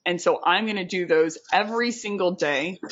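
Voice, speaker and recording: A woman's voice: on the low side, moderate pace, muffled recording, a little hiss or hum. A woman co-hosting a podcast, talking earnestly and reflectively, often restarting her phrases. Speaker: podcast co-host. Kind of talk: casual podcast monologue.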